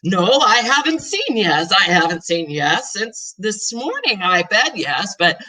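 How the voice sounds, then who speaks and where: A woman reading as a calm, patient dad. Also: mid-range voice, unhurried, recorded from a distance, heavily acted. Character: the narrator's patient middle-aged father.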